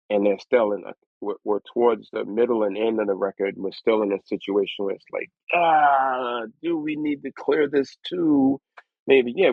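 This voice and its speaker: A lower-voiced guest rapper tells stories in an interview, lively and acting out other people's voices. The recording is dry with no room sound, on a tinny, phone-like line.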